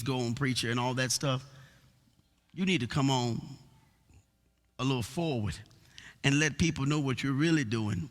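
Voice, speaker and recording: A male pastor preaching a sermon, repeating words as he builds, and rising into rhythmic sung shouts. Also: mid-range voice. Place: church sanctuary. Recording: long reverb of a large church hall.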